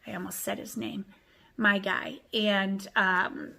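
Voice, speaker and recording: A woman's voice: medium pitch, little pitch movement, slow, vocal fry, pushed and bright. A middle-aged woman chatting to camera about something that happened to her. She sounds emotional and acts out both sides of conversations as she retells them. Her voice sits in an ordinary middle range for a woman. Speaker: vlogger. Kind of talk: personal storytime chat.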